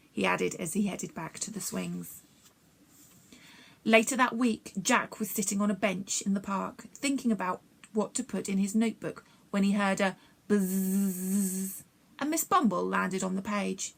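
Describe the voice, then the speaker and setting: An Englishwoman at a library reading a children's story aloud in a clear, expressive way. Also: medium pitch, measured pace.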